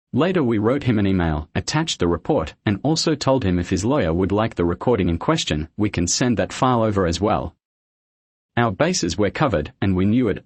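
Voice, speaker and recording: Male narrator, low husky voice, dry delivery, close and dead-sounding recording. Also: no room sound. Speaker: story narrator. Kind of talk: reading a story aloud.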